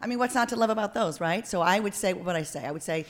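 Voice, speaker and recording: A woman's voice: mid-range voice, animated, very fast, few pauses. Playful jokey woman host. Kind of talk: comedic podcast banter.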